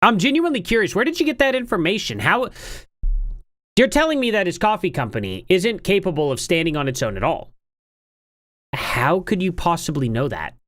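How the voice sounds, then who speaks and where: A woman's voice: on the low side, very animated, fairly quick, no room sound. Sarcastic lady streamer reacting to a clip, voice swoops up and down a lot. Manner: sarcastic, rhetorical questions. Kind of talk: casual commentary.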